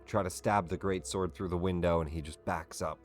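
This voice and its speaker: A man running a tabletop game as game master, giving rulings in a relaxed, matter-of-fact way. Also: deep voice, fairly quick, faint music behind.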